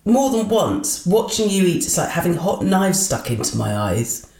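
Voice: medium pitch, very animated, normal speed, creaky, darkish tone. An interviewer asking questions in a conversational way, attentive, with brief reactions. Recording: echoey room.

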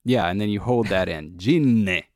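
A man's voice: fairly low pitch, normal speed, creaky, no room sound. A man being interviewed as a guest, casually explaining and coaching someone through pronunciation. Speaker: language creator, guest.

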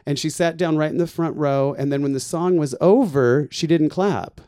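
A man who performs in drag, telling comic stories in casual chat, animated and swearing often as he acts out the people in them. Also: fairly high pitch, moderate pace, clean tone, dry recording, studio quality.

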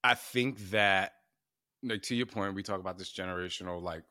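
Deep-voiced chatty man in his forties. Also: moderate pace, sharp tone, dry recording, studio quality. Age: 40s. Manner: chatty, laughs often, frequent fillers. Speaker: podcast host. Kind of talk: casual podcast conversation.

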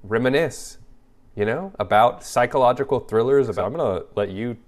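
A man's voice: medium pitch, a little fast. A man co-hosting a podcast in casual chat, with dry, teasing banter. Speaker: podcast co-host.

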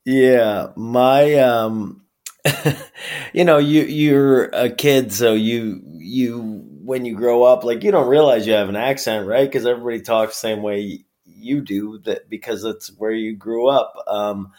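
Guesting in a casual interview, a middle-aged wrestler from upstate New York talks with a New York accent in a medium-pitched, darkish voice at a slow pace. He's relaxed, with plenty of fillers and easy laughter.

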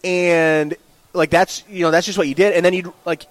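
Thirties man, sports director guest, animated storyteller with restarts, brightish voice on a dry close mic. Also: high voice, fast, dry recording, rough recording. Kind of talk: casual podcast interview.

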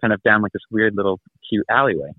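On a tinny, phone-like call with no room sound, a guest in his thirties tells a long travel story in a fairly low, breathy voice at a fast clip. He rambles casually, laughing as he acts out the people involved.

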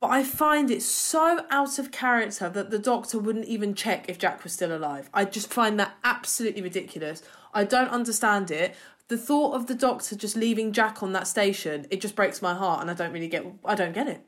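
A woman co-hosting a podcast, chatting in an animated way and often repeating words. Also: mid-range voice, a little fast. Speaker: podcast co-host. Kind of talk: casual chat.

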